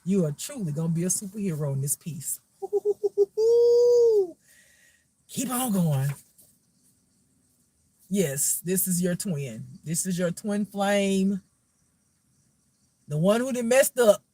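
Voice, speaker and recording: A man's voice: sits high, expressive, measured pace, pauses often, mellow, slightly rough, dry recording. A man giving a casual spiritual reading, preachy and profane, repeating phrases for emphasis. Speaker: spiritual reader.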